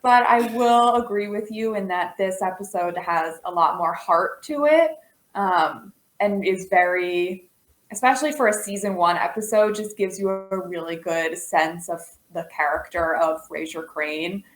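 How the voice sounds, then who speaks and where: A woman co-hosting a casual TV recommendation chat, relaxed and conversational with some fillers. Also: fairly low pitch, unhurried. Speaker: co-host. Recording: echoey room.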